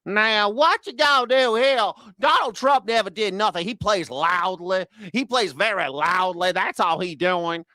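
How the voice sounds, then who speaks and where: A man's voice: high-pitched, a little slow, hardly any pauses, sharp tone, no room sound, voice pushed up. A man doing a drawling folksy Southern senator. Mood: mocking.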